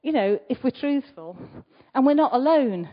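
A woman giving a conversational sermon, asking the congregation rhetorical questions and moving between loud emphasis and quiet asides. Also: sits high, animated, normal speed. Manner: chatty, asks the listeners rhetorical questions. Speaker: preacher. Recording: slightly dull recording.

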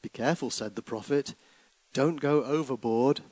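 A grave prophet spins a cautionary tale, read by a man in a poem. His delivery is measured and deliberate, in a dry close voice. It carries quiet sternness. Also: mid-range voice, dry recording, natural voice, rough recording. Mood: cautioning. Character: grave older male prophet, stern and sorrowful.

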